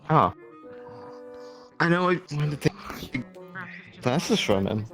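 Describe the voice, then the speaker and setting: A man's voice: fairly high pitch, very animated, takes it slowly, a bit bright. A man role-playing in character, asking eager, curious questions. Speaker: role-play player. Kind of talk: in-character role-play chat. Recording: music playing behind.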